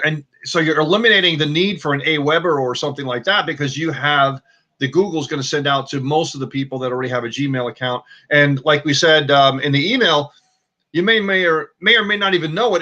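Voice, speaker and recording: A man's voice: fairly high pitch, sharp tone, highs cut off. A man co-hosting a live marketing broadcast, talking casually with frequent restarts and repeated words. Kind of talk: casual live-stream chat.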